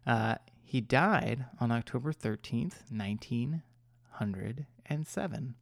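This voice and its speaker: A man's voice: medium pitch, slow pace, creaky, no echo, clean studio sound. Chatty self-deprecating man telling a tale. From Maryland. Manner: rambling, self-deprecating, laughs often, stumbles over words. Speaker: podcast co-host. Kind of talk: casual storytelling chat.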